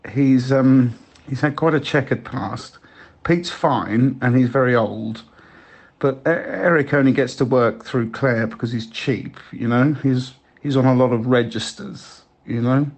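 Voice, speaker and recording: A man leaving rambling, halting voicemail messages for a friend, with many restarts. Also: mid-range voice. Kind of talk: improvised comedy voicemails.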